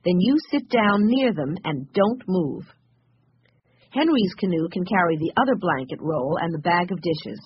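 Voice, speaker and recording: A reader doing a calm, kind guide. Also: mid-range voice, moderate pace, lo-fi sound, slight background noise, close to an everyday voice. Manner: calm, reassuring. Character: kind, capable grown man guide.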